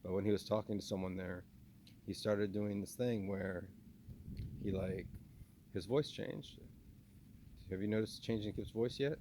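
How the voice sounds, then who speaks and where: A man with a faint Southern, Texan twang speaks in a fairly low voice, rambling through a spoken video journal. He refers to himself in the third person and keeps restarting and stumbling over his words. A faint ambient hum sits underneath. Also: level tone, normal speed, mellow. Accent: slight Southern US (Texan). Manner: talks about himself in third person, many restarts and stammers.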